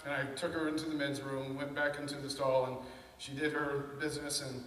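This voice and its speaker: A man in his fifties giving an animated, conversational talk to an event audience, telling personal stories. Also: mid-range voice, fairly quick, recorded from a distance. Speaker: panel speaker. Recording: echoey hall from afar, faint noise.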